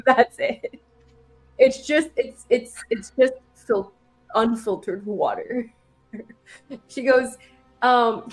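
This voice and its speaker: A woman's voice: fairly high pitch, extremely slow, long pauses, soft background music. A woman running a tabletop game as game master, chatty and giggly, with many fillers and restarts.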